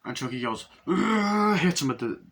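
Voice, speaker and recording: A man giving a casual movie review, recapping scenes excitedly with lots of swearing and rambling. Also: fairly low pitch, normal speed.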